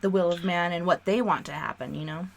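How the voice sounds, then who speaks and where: A woman's voice: on the low side, fairly quick, vocal fry. A woman hosting a radio talk show, sharing her beliefs earnestly in casual conversation. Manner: earnest, talks through beliefs. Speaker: radio host.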